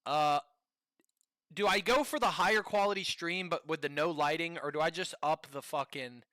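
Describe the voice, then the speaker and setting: A man streaming live, commenting on a video in a profane, animated, rambling way. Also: on the high side, moderate pace, no echo, clean studio sound.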